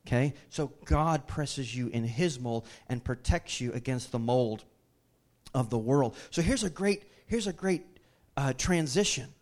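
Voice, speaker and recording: A man's voice: mid-range voice, animated, measured pace, darkish tone. A male pastor, preaching a sermon that moves from easy teaching to fervent, raised delivery. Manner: builds from conversational teaching to impassioned raised preaching.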